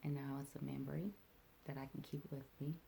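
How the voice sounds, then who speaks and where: A woman vlogger telling a personal story in a reflective, halting way, with many fillers and restarts. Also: very deep voice, little pitch movement, creaky, mellow, slight background noise.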